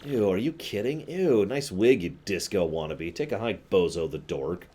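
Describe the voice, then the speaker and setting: A man's voice: low voice, expressive, moderate pace, a little mellow, slightly rough. A man voicing a sassy young female adventurer from a video game, with snippy, blunt put-downs. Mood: disgusted.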